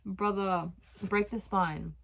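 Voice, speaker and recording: A young woman vlogging in a chatty, self-mocking way, full of "like" and quick asides. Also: medium pitch, steady tone, vocal fry, fairly bright tone. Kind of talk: casual vlog chat.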